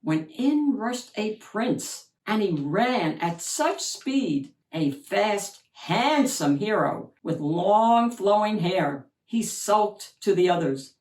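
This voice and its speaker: Lady reading a kids' picture book out loud, slow and lively, echoey room, mic kinda far. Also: lowish voice. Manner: expressive rhyming delivery. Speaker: children's book reader. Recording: roomy echo, mic set back.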